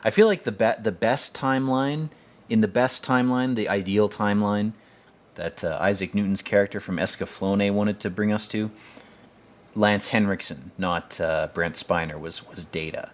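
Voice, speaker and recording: Man, very low voice, casual film commentary, profane, rambling, enthusiastic. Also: normal speed.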